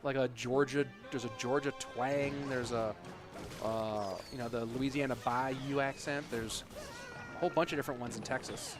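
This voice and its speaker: A man's voice: medium pitch, steady tone, moderate pace, over music. A man casting an esports tournament on a live stream, chatting casually and answering viewer questions between matches with plenty of ums and uhs. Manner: casual, answers chat questions with frequent fillers.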